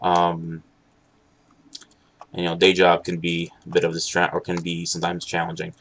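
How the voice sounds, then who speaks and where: Man, young adult, low pitch, casual stream chat, halting, rambling, candid. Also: monotone, fairly bright tone. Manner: rambling, halting, many restarts; candid, sarcastic at times. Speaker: live streamer.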